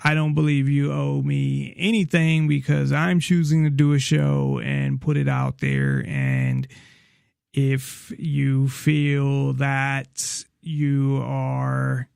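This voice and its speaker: Slow, gravelly-voiced male podcast host. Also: medium pitch, a little mellow, no room sound, studio quality. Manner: rambling, hesitant, restarts often. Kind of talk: casual political talk show.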